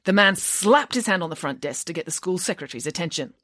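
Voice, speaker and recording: A woman narrating a children's novel aloud with lively, expressive storytelling. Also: on the low side, quick pace, no room sound, studio quality. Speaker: audiobook narrator. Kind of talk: audiobook reading of a children's novel.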